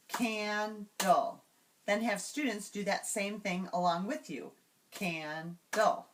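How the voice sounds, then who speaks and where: A woman calmly explaining classroom routines step by step, slowing down to sound out example words. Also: mid-range voice, far from the mic, slight background noise. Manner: clear, measured, slows to sound out example words. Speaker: teacher trainer. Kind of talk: instructional walkthrough.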